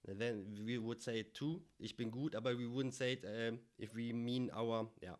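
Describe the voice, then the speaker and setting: A man's voice: mid-range voice, steady tone, moderate pace. A German man with a German accent, host of a reaction video, explaining words in casual commentary with many hesitant fillers.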